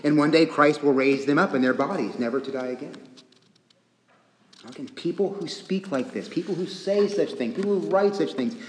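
A man preaching a sermon in an earnest, deliberate way, repeating phrases and pausing often. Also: a little high. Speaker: pastor. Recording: echoey church hall with long reverb.

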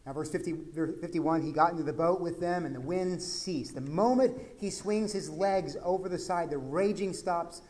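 A man from Texas, a pastor, preaching a conversational sermon that swings from quiet asides to loud, emphatic peaks. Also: on the high side, moderate pace, hardly any pauses.

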